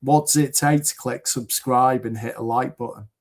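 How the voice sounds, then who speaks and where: A man's voice: mid-range voice, fairly even intonation, normal speed, a little mellow. A man from the UK, a podcast guest, talking in an earnest, rambling way with many fillers over a video call. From United Kingdom. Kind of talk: casual chat.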